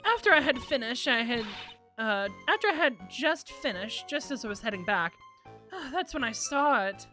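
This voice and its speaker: A woman's voice: fairly high pitch, animated, moderate pace, sharp tone, faint music behind, pitched above the performer's own voice. A woman voicing a cheerful elderly nun who heads a temple, in a chirpy sing-song manner while reading a game aloud. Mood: chatty.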